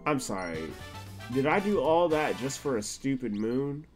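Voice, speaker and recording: A man streaming a video game live, reacting loudly and crudely and talking back to the characters on screen. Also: medium pitch, big pitch swings, a little slow, soft background music. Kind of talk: live gameplay commentary.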